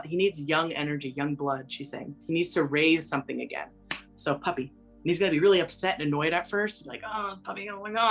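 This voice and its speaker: A woman working as a psychic medium, talking in a gentle, meandering way full of fillers, with soft music behind her. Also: low voice. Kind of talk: casual spoken reading.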